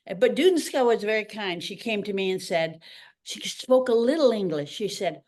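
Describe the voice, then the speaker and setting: A woman's voice: mid-range voice, normal speed. An older woman from Canada, a retired ballerina, telling stories in a casual interview and acting out the voices of the people in them. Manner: animated storyteller acting out quoted voices. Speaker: guest, retired ballerina and teacher.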